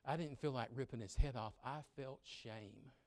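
A man in his sixties preaching a sermon. He swings from loud exhortation to quiet, personal storytelling and acts out grumbling children in quick asides. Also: medium pitch, dry recording. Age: 60s. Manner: preaching loudly with sudden drops to quiet storytelling.

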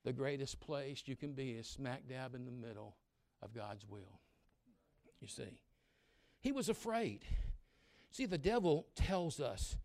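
A man in his sixties preaching a sermon. He swings from loud exhortation to quiet, personal storytelling and acts out grumbling children in quick asides. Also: medium pitch, expressive, dry recording. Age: 60s. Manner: preaching loudly with sudden drops to quiet storytelling.

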